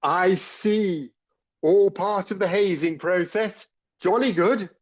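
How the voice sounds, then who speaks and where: A man's voice: sits high, takes it slowly, lo-fi sound. A man playing an eager, naive young recruit in an audio comedy, polite and chirpy with old-fashioned turns of phrase. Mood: cheerful.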